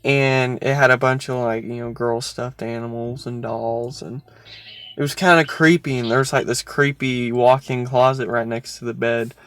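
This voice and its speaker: A man hosts a casual podcast at an ordinary mid pitch. He chats loosely with a friend, laughs often and plays up his spooky stories with some drama. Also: steady tone, normal speed, a bit bright, no echo. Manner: chatty, laughs often, theatrical storytelling. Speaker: podcast host. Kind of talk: casual chat and storytelling.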